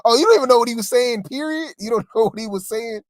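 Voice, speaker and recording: A rambling, exasperated co-host talks through celebrity gossip in a loose, chatty way, often turning to the listeners. The voice sits in a middle pitch. The sound is dry and close, with no room around it. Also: fast talker, no room sound. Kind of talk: casual gossip commentary.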